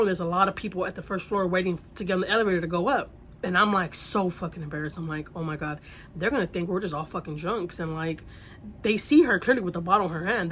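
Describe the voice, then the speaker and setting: A woman casually telling a story at a middle pitch, rambling along and doubling back on her words. She drops a mild curse here and there. Faint noise sits under her voice. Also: a bit bright. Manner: rambling, repeats herself, mild swearing.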